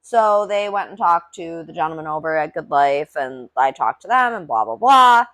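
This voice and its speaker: A woman's voice: low voice, lively intonation, moderate pace, fairly bright tone. A woman hosting a casual solo podcast, rambling and chatty with lots of filler words and casual swearing. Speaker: podcast host reviewing cannabis.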